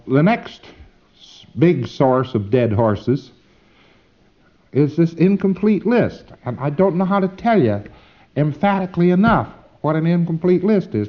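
A man giving an informal instructional lecture, folksy and emphatic, with frequent asides and fillers. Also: fairly high pitch. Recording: dull lo-fi recording.

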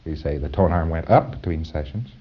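A man giving an informal lecture to trainees, halting with fillers and repeating words for stress. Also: rumbling low, slightly rough, lo-fi sound.

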